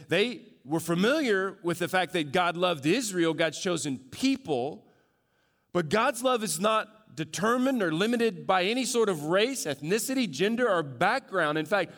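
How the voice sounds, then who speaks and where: A man pastor preaching a sermon, shifting from loud joking asides to hushed, earnest emphasis. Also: medium pitch, big-room sound.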